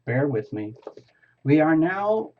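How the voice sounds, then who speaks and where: A man's voice: a little high, big pitch swings, takes it slowly, narrow, tinny audio. A man as a tarot reader, improvising a live reading and talking a viewer through each step.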